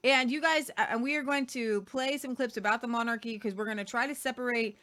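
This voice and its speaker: A woman's voice: a little high, fairly even intonation, brisk, bright, forceful tone. A woman around forty co-hosting a news talk show, speaking in an emphatic, insistent way. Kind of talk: casual chat, ranting commentary.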